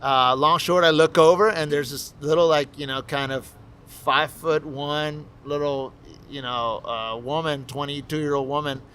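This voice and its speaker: A man who owns a brewery, telling stories casually in an interview, relaxed and profane, laughing as he talks. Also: on the high side, a little slow, slight background noise. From Miami, USA. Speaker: brewery owner, interview guest. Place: his brewery.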